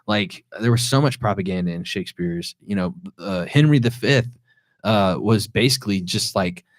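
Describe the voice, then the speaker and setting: A man's voice: fairly low pitch, moderate pace, no room sound, studio quality. Rambling man in casual podcast chat. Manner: rambling, many restarts and fillers. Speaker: podcast co-host.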